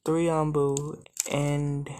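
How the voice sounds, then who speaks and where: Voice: medium pitch, level tone, very slow, darkish tone, slight background noise. A storyteller voicing a confident female warrior acting as an informant in a fan story, reporting in an assured tone.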